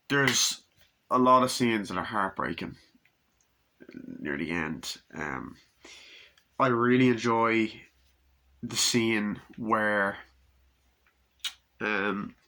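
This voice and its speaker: Bright-voiced, rambling male movie reviewer. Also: lowish voice, lively intonation, very slow, pauses often. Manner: loose and profane, full of fillers, acts out quotes.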